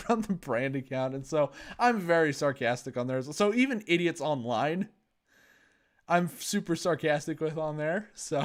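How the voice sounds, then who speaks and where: A young man hosting a podcast, telling a story in casual chat with sarcasm and frequent laughter. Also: mid-range voice. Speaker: podcast host.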